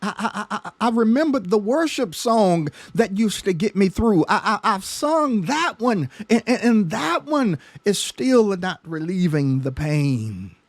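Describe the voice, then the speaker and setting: A man's voice: high-pitched, big pitch swings, a little slow, few pauses, no room sound. A man pastor teaching a Bible study sermon, emphatic, often repeating words as his passion builds. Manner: emphatic, stammering repetitions, rising passion.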